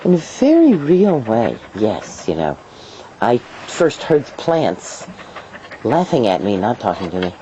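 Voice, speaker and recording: A middle-aged woman herbalist telling stories in an interview, lively and playful, acting out voices and laughing as she talks. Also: rumbling low, measured pace. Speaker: herbalist guest. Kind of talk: storytelling interview answers. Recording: dull lo-fi video sound, faint hiss.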